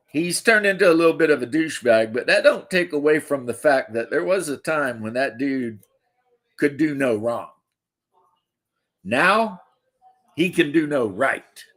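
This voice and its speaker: A man's voice: mid-range voice, sharp tone. A man from the United States hosting a livestream, rambling casually with jokes and swearing. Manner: rambling, profane, joking. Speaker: livestream host. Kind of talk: casual chat.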